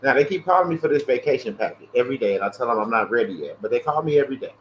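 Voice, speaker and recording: Brief: man hosting a loose livestream, casual and profane, animated storyteller, slightly dull lo-fi audio with faint hiss. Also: medium pitch, rapid-fire. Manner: mimics callers in a raised voice. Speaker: livestream host. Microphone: earpiece headset.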